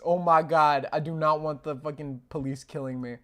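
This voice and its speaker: Excitable young man streaming, yelps and mumbles. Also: fairly high pitch, normal speed, hardly any pauses. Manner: rambling with many fillers and restarts. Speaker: streamer and animator. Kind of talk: casual livestream chat. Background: faint music.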